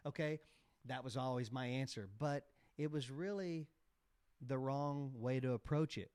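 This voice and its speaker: A man in his forties, a podcast guest telling candid stories in casual interview talk and growing animated as he recalls events. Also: medium pitch, unhurried, clear, resonant tone, no room sound, clean studio sound. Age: 40s. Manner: candid storytelling, animated when retelling a scene. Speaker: podcast guest, motocross team owner.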